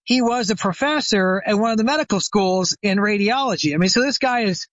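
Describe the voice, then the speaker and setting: A man, a retired chiropractor, telling a lively anecdote as the guest expert of an interview. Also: high-pitched, brisk, dry recording. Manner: animated anecdote teller, acts out quoted phone calls. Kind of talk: storytelling interview. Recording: dry, slightly dull sound.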